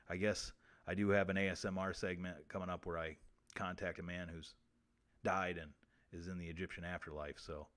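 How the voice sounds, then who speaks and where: A man hosting a comedy show, ranting crude facts and swearing constantly. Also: deep voice. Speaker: host. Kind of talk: profane comedic fact monologue.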